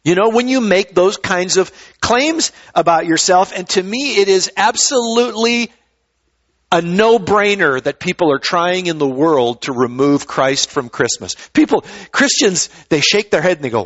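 A man's voice: sits high, expressive, a little slow, a bit bright, muffled recording. Conversational male pastor preaching. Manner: conversational, repeats words when starting a thought. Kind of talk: sermon.

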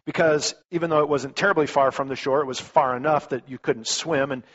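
A man's voice: fairly high pitch, a little fast. A male pastor preaching a sermon in a conversational way, telling stories with lots of restarts. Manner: conversational, animated storytelling, frequent restarts. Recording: dull lo-fi recording.

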